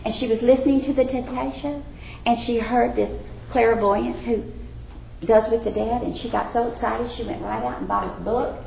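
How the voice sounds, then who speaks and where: A woman's voice: a little high, steady tone, normal speed, gravelly, mellow, a little hiss or hum. A woman teaching a Sunday school Bible study, earnest and emphatic with folksy asides. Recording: echoey room.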